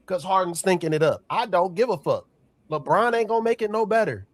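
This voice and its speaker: Male co-host, slightly high voice, blunt and profane, keeps hammering his point. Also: animated, a little fast, dry recording. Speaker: panel co-host. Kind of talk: casual panel chat.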